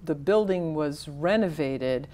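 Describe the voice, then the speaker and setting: Speaking as a guest about her writing, a woman with a distinctly deep voice sounds relaxed and thoughtful. She often stops and starts over as she hunts for the right phrasing, her delivery grounded and conversational.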